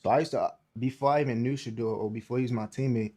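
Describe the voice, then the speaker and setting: A man, a football player, answering interview questions in a relaxed, slangy way. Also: mid-range voice, fast. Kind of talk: casual interview chat.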